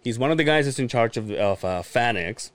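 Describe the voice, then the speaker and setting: A man co-hosting a podcast, telling energetic stories in casual chat and swearing freely. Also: mid-range voice, fairly quick. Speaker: podcast co-host.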